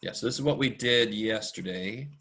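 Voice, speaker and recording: A man with a fairly low voice gives a casual online math lecture. He rambles and chats with his students, often talks quickly, and pokes fun at himself. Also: a bit bright. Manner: chatty, rambling and self-deprecating; talks fast much of the time. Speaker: math instructor.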